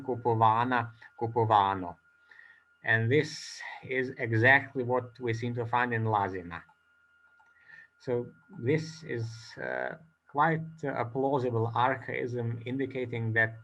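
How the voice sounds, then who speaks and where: A man giving an academic conference talk, pausing often with fillers between phrases. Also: medium pitch, a bit bright. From Croatia. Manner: slow, hesitant, many uh fillers between phrases. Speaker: conference speaker, linguist. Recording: dull lo-fi recording.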